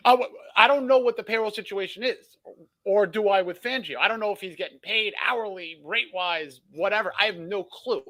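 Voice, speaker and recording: A man's voice: high-pitched, brisk, bright, forceful tone, rough recording. A man co-hosting a sports podcast, laying out his opinions in an analytical, hedging way. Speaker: podcast co-host. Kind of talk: casual sports podcast chat.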